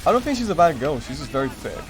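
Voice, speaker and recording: A young man chats through a long, rambling story while streaming, his pitch leaping up and down as he acts out the moments. Music plays clearly behind his voice. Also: very fast. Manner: rambling, animated, full of fillers and acted-out quotes.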